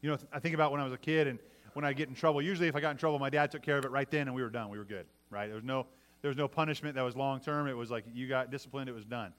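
A man's voice: medium pitch, steady tone, very fast, fairly bright tone. A middle-aged man preaching a sermon in a conversational way, often asking his listeners "right?" and restarting his phrases. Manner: conversational preaching with many restarts and tag questions. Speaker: pastor.

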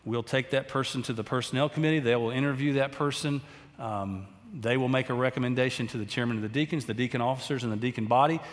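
A man pastor speaking earnestly to his congregation, giving announcements and leading a prayer, with some halting fillers. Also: medium pitch, in a large hall. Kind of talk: church announcements and closing prayer. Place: church sanctuary.

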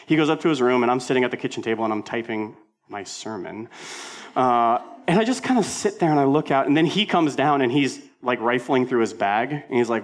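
A male senior pastor delivering a sermon in an animated, conversational way, with emphatic repetition and self-deprecating humor. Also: medium pitch, brisk.

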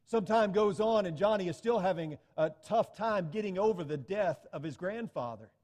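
Pastor guy giving a sermon, kinda high voice, earnest storyteller, big echoey church sound. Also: expressive, normal speed, a little mellow.

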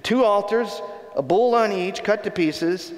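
A man preaching a sermon, retelling a scripture story in a conversational, animated way. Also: high voice, unhurried. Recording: long hall reverb.

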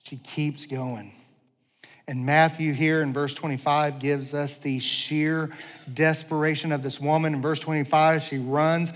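A man preaching a sermon as pastor, animated, moving between loud pleading and quiet asides, with self-deprecating humor. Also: on the high side, moderate pace. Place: church sanctuary. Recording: long church reverb.

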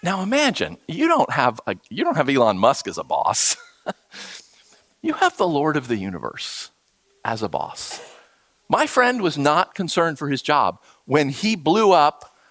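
A high-pitched pastor acts out the voices of the people in his stories as he delivers an animated sermon. The recording is dry.

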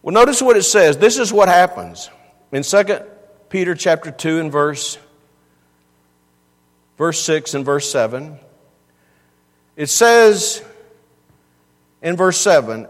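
High-voiced preacher in reverberant church. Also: male voice. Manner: earnest, repeats words for emphasis. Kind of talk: sermon.

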